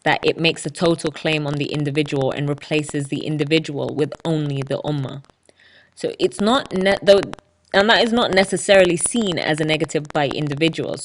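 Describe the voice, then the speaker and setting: A woman with a low voice hosts a solo podcast, explaining ideas step by step as if giving a talk. She drops dry, ironic asides along the way. Faint noise sits under her voice. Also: rough recording. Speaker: podcast host.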